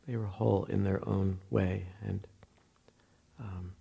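Slow, gravelly-voiced man with a New Jersey accent. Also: low voice, flat delivery, warm tone, lo-fi sound. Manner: halting, reflective, many fillers and restarts. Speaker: Zen meditation teacher. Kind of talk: dharma talk.

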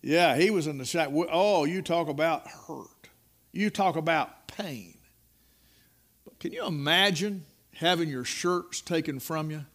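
A middle-aged man preaching a sermon, telling a folksy, dramatic story that rises to loud peaks. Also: a little high, measured pace.

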